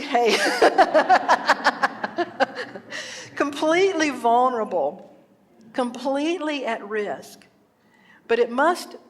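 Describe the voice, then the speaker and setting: A woman minister giving an earnest sermon in a church, telling stories and asking the congregation questions. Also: a little high. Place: church sanctuary. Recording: echoey hall.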